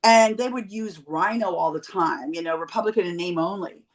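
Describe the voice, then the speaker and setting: A woman's voice: on the low side, normal speed. Blunt, profane middle-aged woman from Canada. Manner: blunt and profane, animated storytelling. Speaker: podcast guest. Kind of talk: casual chat.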